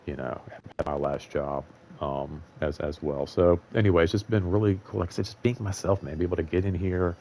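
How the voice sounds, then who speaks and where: Deep-voiced man rambling casually. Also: steady tone, fairly quick, warm tone, a little hiss or hum. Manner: rambling, filler-heavy, candid and profane. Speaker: show host.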